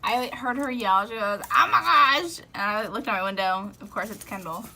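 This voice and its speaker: A woman's voice: mid-range voice, fairly even intonation, fairly quick, sharp tone. A young woman talking playfully, with exclamations, in a casual vlog among friends. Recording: noisy phone recording.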